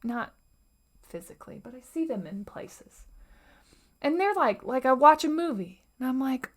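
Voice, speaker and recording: Lively, earnest woman podcast host. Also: sits high, a little slow. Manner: earnest, animated, acts out inner voices, drops to whispers. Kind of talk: motivational solo podcast talk.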